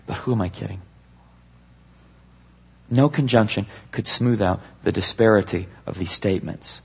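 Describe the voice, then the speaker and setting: A man preaching a sermon to a live congregation, with an emphatic, slow, dramatic delivery. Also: lowish voice, gravelly, breathy edge.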